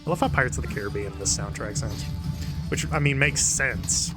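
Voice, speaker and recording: A man casually commentating his gameplay with sarcastic jokes, swearing and quick asides. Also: medium pitch, over loud music. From not New York. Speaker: gamer commentating a let's play.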